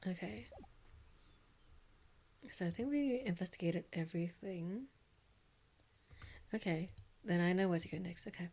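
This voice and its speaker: Field: game. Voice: soft-spoken young woman streamer. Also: measured pace, pauses often. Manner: soft, low-key muttering. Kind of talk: casual gameplay commentary.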